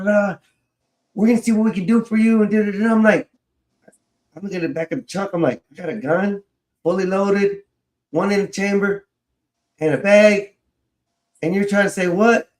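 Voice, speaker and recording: A man with a fairly high voice tells a personal story in a relaxed, casual way. He swears freely and laughs as he goes. His voice sounds roomy, with a clear echo around it. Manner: animated, swears freely, laughs while telling.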